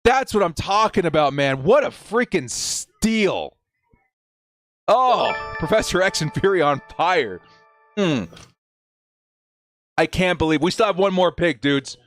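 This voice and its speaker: Young guy hosting a watch party stream, hyped and shouty, drawn-out words, dry close sound. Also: high voice, dry recording, faint music behind. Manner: excitable, shouting exclamations, reading chat aloud. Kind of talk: live-stream reaction commentary.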